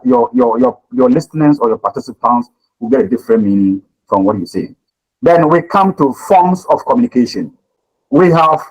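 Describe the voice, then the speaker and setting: A man's voice: a little high, rough recording. A man teaching a communication class, lecturing and questioning students, often repeating his words.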